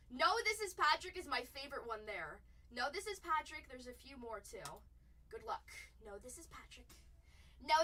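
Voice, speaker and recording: A woman hosting a live-stream trading card break, chatting excitedly with viewers and reading their messages aloud. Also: high voice, recorded from a distance, low-quality recording.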